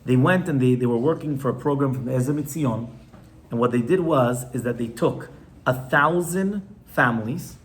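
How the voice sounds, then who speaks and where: In a medium-pitched voice at a moderate pace, a male rabbi leads a casual class before a live audience. He teaches conversationally, frequently stopping to ask the people listening questions.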